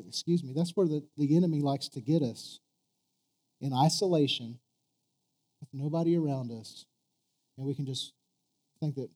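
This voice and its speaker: A man's voice: on the high side, dark tone. A man preaching a sermon who asks his congregation questions. He stumbles, restarts and repeats words, then rises to emphatic peaks.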